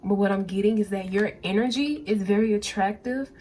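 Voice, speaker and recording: A woman's voice: medium pitch, brisk, dark tone. A woman giving a pick-a-card tarot reading, talking casually and directly to her viewers and often repeating her phrases. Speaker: tarot reader.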